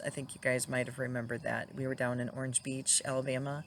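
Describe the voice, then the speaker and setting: A woman's voice: extremely low pitch, flat delivery, quick pace, hardly any pauses, a little hiss or hum. A middle-aged widow talking casually to her viewers, tender and reflective, laughing now and then as she remembers. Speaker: widow sharing her grief journey. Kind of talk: casual personal talk to camera.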